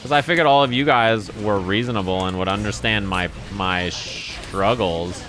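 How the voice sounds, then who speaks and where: Bright-voiced, profane male streamer. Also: lowish voice, normal speed, faint music behind. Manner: profane, rambling, exasperated. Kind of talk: casual live-stream chat while playing.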